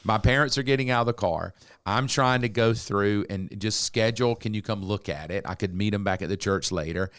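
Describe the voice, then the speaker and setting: Lowish man in his sixties. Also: brisk, smooth, no echo, studio quality. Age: 60s. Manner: animated storyteller, acts out quotes. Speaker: podcast co-host. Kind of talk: casual storytelling chat.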